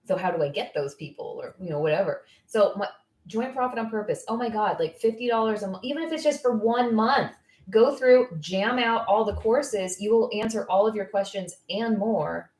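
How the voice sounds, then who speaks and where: A woman coaching estheticians on business in casual live-stream talk, blunt, candid and quick to get fired up. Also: fairly high pitch, darkish tone, reverberant. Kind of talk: casual live-stream advice, answering viewer comments.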